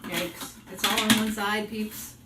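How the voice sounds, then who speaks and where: A woman's voice: mid-range voice, fairly even intonation, unhurried, far from the mic. Chatty woman with slight Boston accent. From Boston area. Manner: chatty, giggly, talks to viewers. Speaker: vlogger and yoga teacher. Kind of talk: casual cooking chat. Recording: roomy and off-mic with faint noise.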